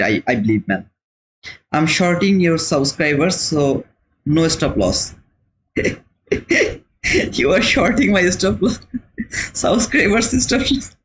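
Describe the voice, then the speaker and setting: A man who isn't a native English speaker hosts a live trading stream, chatting casually and replying to viewer comments while often repeating words. His voice sits on the high side, and the rough recording carries a faint hiss or hum.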